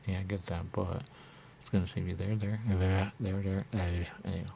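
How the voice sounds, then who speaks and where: A man's voice: sits low, level tone, moderate pace, creaky, mellow, slight background noise. A man talking on in a rambling, repetitive monologue as a radio show host, looping back to the same catchphrases.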